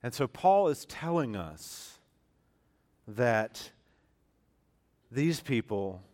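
A man's voice: medium pitch, sing-song, unhurried, long pauses. A man preaching a sermon as pastor, talking in a conversational way that turns earnest and emphatic, with frequent restarts and repeated phrases. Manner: earnest and emphatic, stressing key words.

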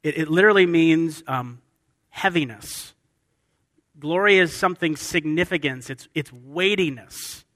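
A man's voice: a little high, measured pace, a bit bright. A man preaching a sermon with emphasis, often asking his listeners questions. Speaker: pastor. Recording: long hall reverb.

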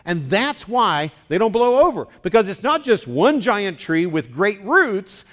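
A man's voice: high voice, very animated, measured pace, a bit bright. A middle-aged male pastor preaching a conversational sermon, teaching plainly and leading the congregation to repeat words after him. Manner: conversational, teaching, leads the congregation in call and response.

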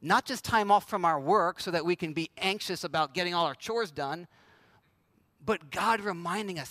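Man, pastor, sermon, conversational, high bright voice, dry close mic. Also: moderate pace, dry recording. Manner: conversational, acts out quoted voices.

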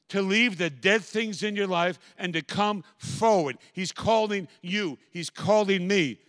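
Male pastor, fairly high voice, fervent sermon delivery, dry close mic. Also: dry recording. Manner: builds from quiet reflection to loud, impassioned preaching.

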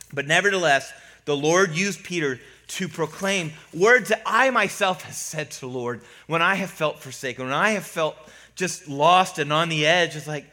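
A male pastor delivers a sermon in a bright, somewhat high voice that swoops up and down with lively energy. He tells Bible stories conversationally, slips into the voices of the people in them, and keeps it light with humor. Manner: animated storytelling, acting out voices of biblical figures.

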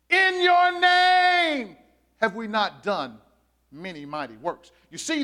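High-voiced animated male preacher. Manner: animated preaching, drawn-out emphatic phrases, frequent "uh" fillers. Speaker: pastor. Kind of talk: sermon.

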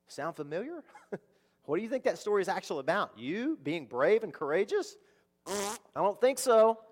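Man preaching in an echoing hall. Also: fairly high pitch. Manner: conversational preaching with rhetorical questions to the congregation. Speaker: pastor. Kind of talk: sermon.

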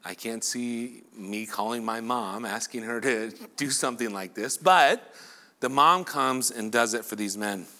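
A male pastor giving a lively sermon who acts out imagined dialogue between the people in his story. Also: mid-range voice, a little slow. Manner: animated preaching, acting out imagined dialogue.

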